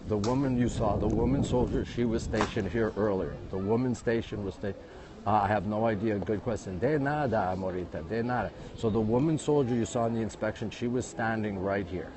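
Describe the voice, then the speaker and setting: A man's voice: fairly low pitch, background noise. A man giving a chatty live-streamed walking tour outdoors at a historic castle, greeting viewers and repeating himself, speaking into a handheld phone. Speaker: livestream tour guide. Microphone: phone held while walking.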